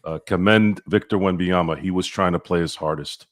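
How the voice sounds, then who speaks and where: A man's voice: deep voice, steady tone, fairly quick. A man co-hosting a sports podcast, blunt and opinionated, with sarcastic asides in casual chat. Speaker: podcast co-host.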